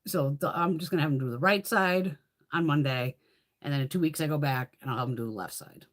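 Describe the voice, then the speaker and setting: Deep-voiced and quick, a woman runs a beauty livestream full of loose, rambling chit-chat, frequent swearing and plenty of laughter.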